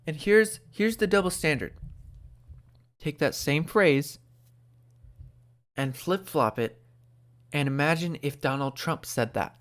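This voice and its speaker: A man hosting an opinionated commentary show, animated and sarcastic, talking close to the microphone. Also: mid-range voice, moderate pace. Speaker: host.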